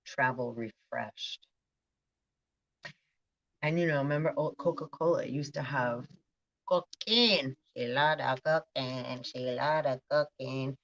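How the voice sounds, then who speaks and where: A woman's voice: a bass voice, steady tone, takes it slowly, a bit bright, lo-fi sound. A woman giving a rambling spiritual monologue, talking in a stream of consciousness and often checking in with "right". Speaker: spiritual vlogger.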